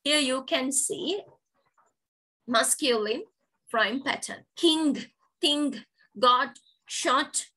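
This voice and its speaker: A woman's voice: sits high, drawn-out words, long pauses, bright, forceful tone, rough recording. A woman teacher giving an online poetry lesson, explaining terms step by step and repeating key words. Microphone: video call.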